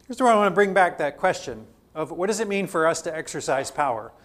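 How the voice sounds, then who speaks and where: Man lecturing with questions, slightly high. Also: animated, fast, fairly bright tone. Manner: poses repeated questions to the class. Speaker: theology teacher. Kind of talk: classroom lecture.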